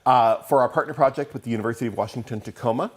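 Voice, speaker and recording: A man's voice: medium pitch, rapid-fire. Upbeat man in a studio interview. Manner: upbeat, good-humored, listing clearly. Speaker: theatre artistic director, guest.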